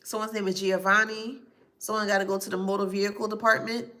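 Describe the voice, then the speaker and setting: A woman's voice: medium pitch, flat delivery, fast, pushed and bright. A woman giving a psychic reading to camera, listing names and places she says she hears and spelling some of them out letter by letter. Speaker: psychic reader.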